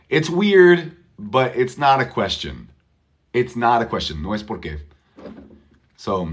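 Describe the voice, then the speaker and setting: A man's voice: mid-range voice, expressive, slow pace, long pauses. A man teaching English pronunciation, who patiently repeats words and switches to Spanish for his learners.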